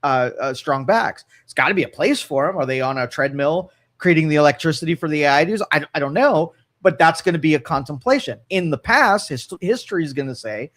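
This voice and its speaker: A man's voice: fairly high pitch, lively intonation, fairly quick, few pauses, fairly bright tone. A man co-hosting a radio talk show, opinionated and rambling, with frequent restarts and an Ohio accent. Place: radio studio.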